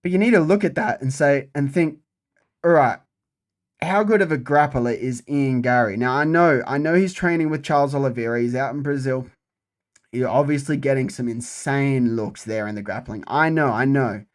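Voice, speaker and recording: A man's voice: medium pitch, fairly quick. A young man giving a casual, profane breakdown of upcoming fights, repeating himself for emphasis. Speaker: MMA fight predictor.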